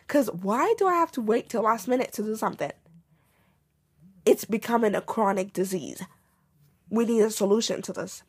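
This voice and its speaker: A young woman talking straight to her listeners in a relaxed solo podcast. Her voice is husky and breathy at a middle pitch. She rattles on in a chatty, animated way, heavy on slang and calling everyone babes. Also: no echo. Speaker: podcast host. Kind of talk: casual solo podcast chat.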